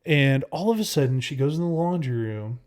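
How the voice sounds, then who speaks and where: A man's voice: medium pitch, expressive, brisk, darkish tone. A man co-hosting a casual podcast, telling a story in a rambling way with lots of fillers and restarts. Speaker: podcast co-host.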